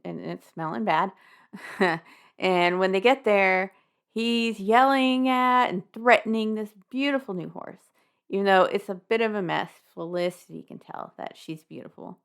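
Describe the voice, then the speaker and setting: Brief: young woman podcast host, gravelly fry, wry and laughing, casual swearing, chatty book recap. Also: medium pitch, fairly bright tone.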